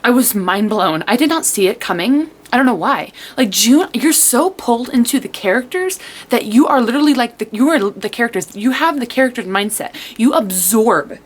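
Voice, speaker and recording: A young woman talks through a book she loved in a loose, casual vlog, her voice sitting a little high. She rambles and restarts, says "like" constantly, and acts out her own reactions as quoted asides. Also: normal speed. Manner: excitable, rambling, full of "like". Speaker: book reviewer.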